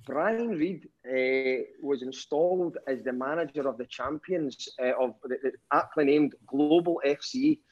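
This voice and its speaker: This Glaswegian man from Scotland has a medium-pitched, slightly mellow voice and talks a little slowly with hardly any pauses. Calling in, he tells a casual story with dry self-mockery and a good amount of cursing, all on a dull lo-fi line.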